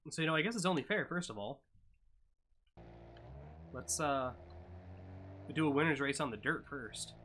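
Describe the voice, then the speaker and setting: A man casually commentating a live-streamed racing game, chatty and offhand with sudden excited yelps at crashes. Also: a little high, normal speed, pauses often.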